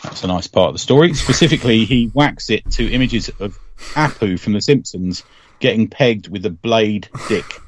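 A man co-hosting a casual comics podcast, recapping a story in a deadpan, joking way. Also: on the low side, moderate pace, slight background noise. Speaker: podcast co-host. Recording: dry, slightly dull podcast mic.

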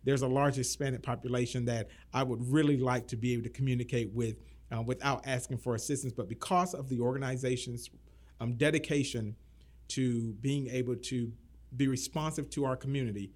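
A man's voice: medium pitch, fairly even intonation, fairly quick, darkish tone. A man from Florida who is a city manager, talking earnestly in a casual interview and often repeating words as he starts a thought.

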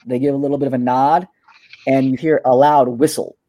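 Mellow young man narrating as game master. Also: mid-range voice, steady tone, fairly quick. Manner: loose, rambling narration with fillers.

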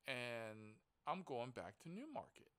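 A man's voice: mid-range voice, big pitch swings, takes it slowly, a bit bright. A man voicing a friendly blind man with a guide dog, who talks eagerly and repeats himself.

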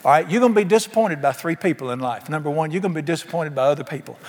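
A man's voice: on the high side, very fast, darkish tone. A man preaching a sermon emphatically, asking his congregation questions. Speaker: pastor. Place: church sanctuary. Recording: long hall reverb.

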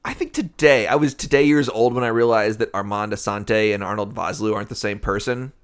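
A man's voice: fairly low pitch, fairly quick, smooth. A man co-hosting a podcast, tossing out wry jokes and laughing at his own asides in casual chat. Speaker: podcast co-host.

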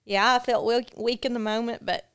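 A woman guest in a podcast interview, telling a personal story in an earnest, candid way with halting fillers. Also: fairly high pitch, fairly even intonation, a bit bright, smooth.

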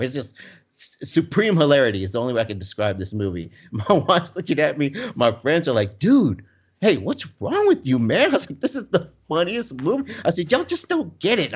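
A man telling a long funny story in casual chat, laughing often as he goes. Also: mid-range voice. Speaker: storyteller guest. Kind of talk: casual anecdote. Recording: dull lo-fi sound.

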